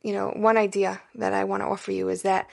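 Woman, parenting educator; mid-pitched, gravelly texture, chatty lesson delivery with "right?" check-ins. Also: level tone, quick pace. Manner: conversational, frequent "right?" and "you know" check-ins; warm coaching tone, speaking directly to parents. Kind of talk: casual spoken parenting lesson.

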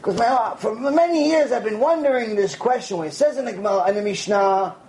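A man giving a conversational Torah lecture, animated and acting out quoted voices along the way. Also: sits high, fairly quick, a little hiss or hum. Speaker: rabbi.

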